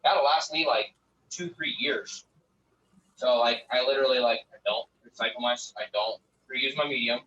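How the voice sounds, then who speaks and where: Cussing grow guy rambling on a stream, kinda far from a lo-fi mic, bright voice. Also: mid-range voice, normal speed. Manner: loose, profane, rambling. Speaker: guest grower. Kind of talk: casual livestream chat. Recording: distant lo-fi mic with faint noise.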